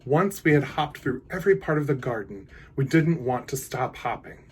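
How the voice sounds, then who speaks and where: A man reading a picture book aloud to children in an animated, playful way, with hushed asides. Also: mid-range voice, normal speed, a little hiss or hum. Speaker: drag queen storyteller.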